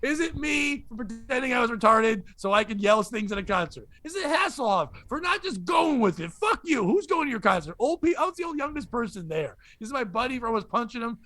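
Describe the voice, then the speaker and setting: A comedian telling a rowdy story on a podcast, laughing through it. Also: male voice, very high-pitched, big pitch swings, brisk, few pauses, sharp tone. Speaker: comedian guest.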